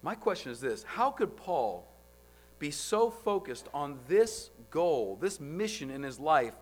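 A man with a slightly raised voice preaches a sermon with force. He stacks rhetorical questions and shifts from loud, driving lines to hushed ones. Soft music plays quietly behind him. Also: a little high, very animated, unhurried.

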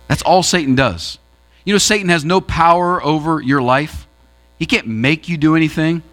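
A man's voice: mid-range voice, a bit bright. A man preaching a sermon as pastor, building emphasis through repeated phrases. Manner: preaching with rising emphasis and repetition.

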